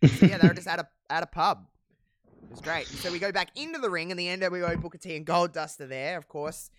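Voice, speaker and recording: A man's voice: sits high, lively intonation, fast, a bit bright, no echo, clean studio sound. A man casually recapping a wrestling show as a podcast co-host, chatty and profane, with lots of fillers. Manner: chatty, profane, many fillers, laughs at own jokes. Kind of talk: casual chat.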